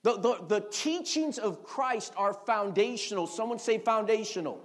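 High-voiced preacher calling out to the congregation. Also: male voice, moderate pace. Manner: call-and-response, repeats words, animated storytelling. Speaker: pastor. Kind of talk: sermon.

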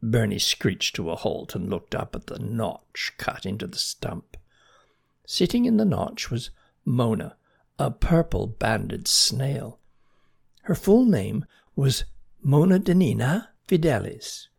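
A storyteller reading a children's animal story aloud with gentle, expressive narration. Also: mid-range voice, slow pace, gravelly, breathy edge.

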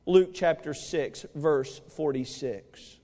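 A man's voice: on the high side, slow, warm tone. A man preaching a midweek sermon, telling a joking personal story in a chatty, rambling way with lots of fillers. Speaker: pastor. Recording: long reverb of a church hall.

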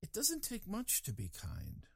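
Man, slightly high voice, very expressive melody, rambling warmly through a reflective talk, dry close sound. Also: measured pace, creaky, slightly rough, dry recording. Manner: animated, digressive, chuckling asides. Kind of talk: reflective casual monologue.

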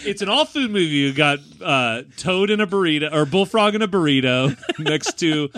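Movie podcast guy, higher voice that jumps all over, dry sound, recaps plots and laughs. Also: animated, normal speed, fairly bright tone. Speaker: podcast co-host. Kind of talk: casual movie chat.

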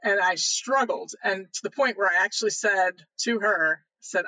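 A man, a podcast guest, earnestly telling a personal faith story in a casual, animated way. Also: high-pitched, normal speed, hardly any pauses, dry recording, low-quality recording.

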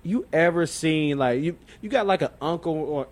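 A young man from Sacramento co-hosting a sports podcast, talking in an animated, laughing way with many restarts. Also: on the high side, normal speed. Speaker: podcast co-host. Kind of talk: casual sports chat.

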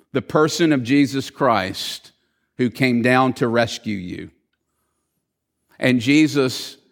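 A man preaching a sermon as pastor, earnest and emphatic, telling stories to drive points home. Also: mid-range voice.

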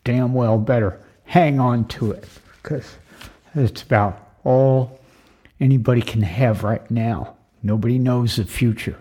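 A man's voice: medium pitch, a little slow, mellow. An older man in an impassioned, repetitive monologue, tearful with his voice cracking. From United States. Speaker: retired vlogger. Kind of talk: emotional monologue.

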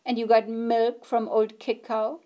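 A woman voicing a gentle old grandmother whose voice is soft and steady, read aloud as part of a storybook. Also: fairly high pitch, measured pace, close to an everyday voice. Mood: encouraging.

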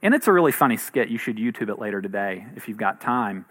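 A man's voice: lowish voice, expressive, quick pace, a bit bright. A man in his thirties, a pastor giving a sermon in a conversational, earnest way. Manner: conversational and earnest, with light laughs.

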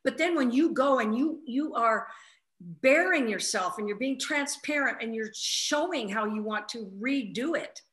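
Speaking unhurriedly in a slightly high voice, the flight attendant recounts a story in casual spiritual talk. Her retelling is lively, and she acts out each quoted voice.

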